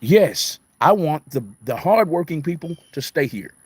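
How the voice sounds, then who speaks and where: A fairly high, breathy male voice, very animated but a little slow and free of echo, belongs to a middle-aged radio host. On a casual live talk he answers comments emphatically and preachily, repeating points and blending city with country speech.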